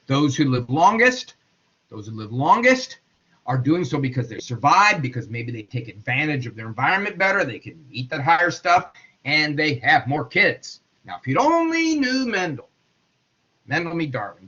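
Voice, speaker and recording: A man's voice: on the high side, bright, forceful tone, slightly rough. A man teaching a casual classroom lecture, chatty and digressive, acting out quotes in funny voices, on a dull lo-fi recording.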